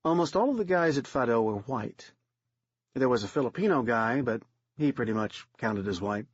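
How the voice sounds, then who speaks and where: A man's voice: mid-range voice, expressive, normal speed, husky, dry recording, highs cut off. A man reading a third-person audiobook story in a plain, matter-of-fact manner. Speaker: audiobook narrator.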